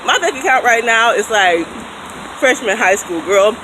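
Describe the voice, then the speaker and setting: Thirties woman, casual animated vlogger, phone at arm's length outdoors, loud ambient noise. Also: fairly high pitch, moderate pace. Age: 30s. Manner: chatty, animated, laughs often. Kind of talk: casual vlog chat. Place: outdoors in a city, by a fountain, then in a car. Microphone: phone held at arm's length. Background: street ambience, fountain, traffic.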